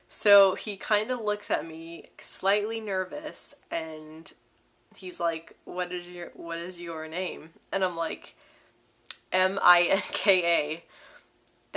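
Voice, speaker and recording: A woman's voice: on the low side, fairly bright tone. A young woman vlogger telling a story casually to camera, speaking with a marked stutter of repeated syllables and blocks, candid and breaking into small laughs between phrases.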